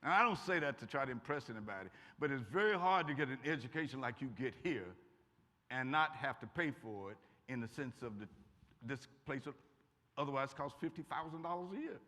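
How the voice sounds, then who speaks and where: A man's voice: mid-range voice, animated, fairly quick. An older man from Kentucky telling stories to a college audience in a folksy, humorous way, now and then acting out what people said. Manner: folksy, warm humor, acts out quotes. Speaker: guest speaker. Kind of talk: lively storytelling talk to students. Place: college auditorium. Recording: echoey hall.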